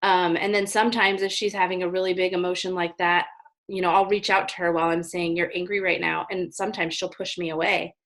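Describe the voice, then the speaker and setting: A woman's voice: fairly low pitch, level tone, brisk, fairly bright tone. A woman speaking as a guest in a casual interview, earnest and explaining at length, often checking in with "right?". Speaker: parenting guest.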